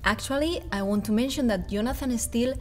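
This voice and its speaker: A woman's voice: fairly high pitch, brisk. A woman from Spain with a Spanish accent, explaining and counting rhythms as a ballet class pianist in a music tutorial.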